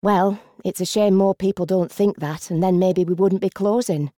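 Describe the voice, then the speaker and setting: A woman voicing a polite, quietly subdued shop volunteer in her mid-thirties. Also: medium pitch, steady tone, moderate pace, no room sound, studio quality, natural voice.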